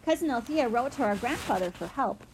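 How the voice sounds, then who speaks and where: A woman voicing a polite, calm older boy. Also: on the high side, brisk, noisy background.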